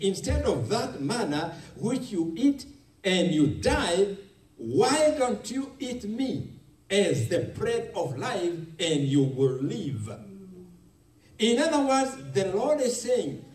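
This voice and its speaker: A man preaching a sermon as a pastor, slow and emphatic, with repeated hallelujahs. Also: high voice, darkish tone, reverberant, distant mic.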